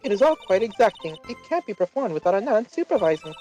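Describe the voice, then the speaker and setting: A woman's voice: medium pitch, sing-song, fast talker, mellow, faint music behind, lightly acted, poor audio. A woman voicing a teasing, dramatic older nun. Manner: theatrical, teasing line reading. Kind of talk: game script voice reading.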